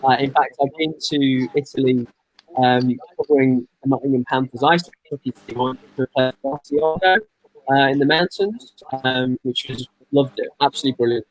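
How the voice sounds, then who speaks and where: A man who works in radio answers fan questions in a chatty, easygoing manner. His voice sits at a middle pitch and he often pokes fun at himself. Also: moderate pace, poor audio. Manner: chatty, friendly, self-deprecating. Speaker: radio presenter and commentator. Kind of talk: relaxed interview answers.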